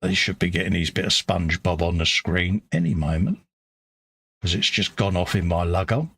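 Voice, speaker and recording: Painting models on his live stream, a British host keeps up a casual chat, muttering little asides to himself as he goes. His low voice is creaky and a bit bright with a breathy edge, and he speaks at normal speed.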